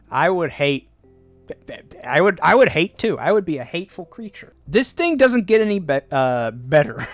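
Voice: medium pitch, a bit bright, no echo. A livestreamer chatting casually to chat while drawing, goofy and laughing often between jokey asides.

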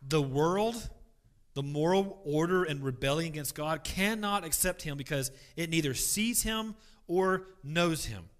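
A man teaching a church Bible class, emphatic, swinging between loud stress and quiet asides, often repeating words as he restarts. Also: on the high side, a little slow.

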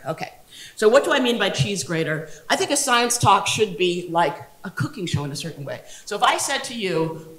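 A woman giving a humorous lecture on science communication as a guest speaker, animated and jokey, acting out quotes. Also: fairly low pitch. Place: lecture hall. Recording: roomy hall echo.

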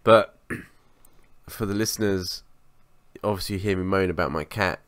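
A man co-hosting a podcast, telling a story in a sweary, animated way in casual chat. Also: sits low, moderate pace. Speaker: podcast co-host.

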